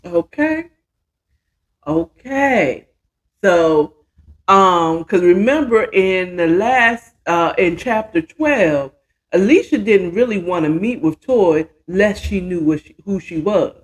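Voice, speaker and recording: Slow, chatty storyteller. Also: mid-range voice. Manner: chatty, slangy, voices the characters' lines. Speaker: podcast host. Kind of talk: casual storytelling recap.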